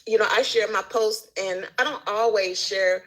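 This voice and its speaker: A woman's voice: medium pitch, steady tone, moderate pace, fairly bright tone, low-quality recording. A woman guest in casual conversation, telling stories animatedly and acting out the people she quotes. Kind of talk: casual chat.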